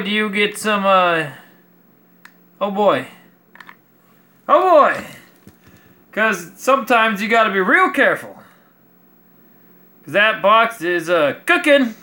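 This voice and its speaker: A man with a fairly high, bright voice rambles his way through a build as a vlogger. He swears freely and pokes fun at himself as the talk drifts from topic to topic. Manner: rambling, profane, self-mocking. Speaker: crafting vlogger. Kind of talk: rambling casual chat while building.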